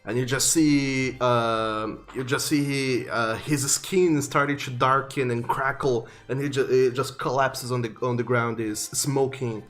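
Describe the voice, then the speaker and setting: A young man as game master, narrating a tabletop game in vivid, halting descriptions full of fillers. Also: medium pitch, steady tone, a bit bright, faint music behind.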